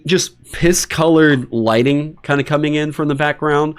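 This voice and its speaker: A man hosting a livestream, talking casually and swearing in exasperated, animated rants. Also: a little high, normal speed, clean tone. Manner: animated, profane ranting with exasperated asides. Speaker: streamer hosting a dungeon design stream.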